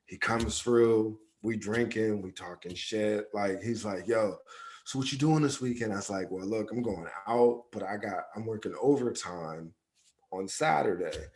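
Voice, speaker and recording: A man's voice: fairly low pitch, normal speed. A man co-hosting a podcast, telling a personal story in loose everyday speech and acting out the lines of the people in it. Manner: loose, conversational, acts out quoted dialogue, repeats "yada, yada". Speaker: podcast co-host. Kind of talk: personal storytelling in casual chat.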